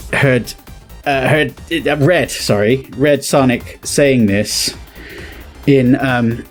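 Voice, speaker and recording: A British man giving casual reaction commentary, rambling, chuckling and often correcting himself. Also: mid-range voice. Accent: British English. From Britain. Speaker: YouTuber.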